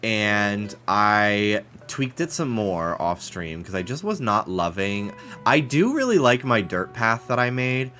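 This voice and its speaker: Stuffy-nosed low-voiced man streamer. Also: very animated, takes it slowly, pushed and bright. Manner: rambling, chatty, swears freely. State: stuffy nose. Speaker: game streamer. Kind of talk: casual chat while streaming a game.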